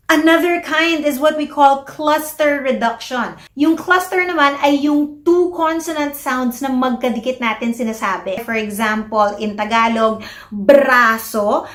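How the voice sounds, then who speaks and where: Filipino woman, speech therapist, bilingual teaching talk, models words slowly, roomy sound. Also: high-pitched. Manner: switches between English and Tagalog, explains with slow modeled words. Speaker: speech-language pathologist and host. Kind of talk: educational talk to parents.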